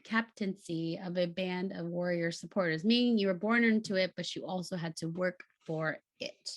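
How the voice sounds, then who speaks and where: A woman's voice: fairly low pitch, moderate pace, no echo. A chatty woman co-hosting a book club podcast, who laughs easily and trips over long words. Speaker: podcast co-host. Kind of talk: casual book club chat.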